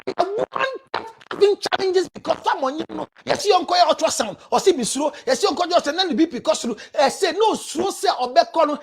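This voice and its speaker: A Ghanaian woman counselor giving blunt, scolding advice and breaking into shouts. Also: very high-pitched, lively intonation, fairly quick, hardly any pauses.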